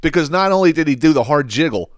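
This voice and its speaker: A man's voice: on the high side, quick pace, dry recording, clean studio sound. A man telling a story in a casual comedic podcast rant, swearing often and repeating words as he goes. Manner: animated, profane ranting with frequent restarts. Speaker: podcast host.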